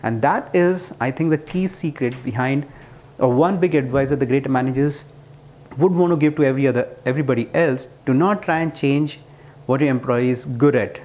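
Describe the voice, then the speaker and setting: A man's voice: mid-range voice, moderate pace, a little mellow. A man telling a parable to make a point about management, earnest and prone to restarts. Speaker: speaker explaining management ideas. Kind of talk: casual explanatory talk.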